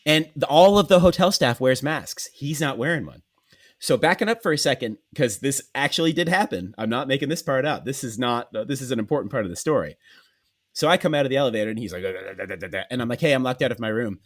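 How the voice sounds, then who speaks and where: A man hosting a podcast, telling a comic story in a profane, animated way and acting out the dialogue. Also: medium pitch, fast. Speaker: podcast host.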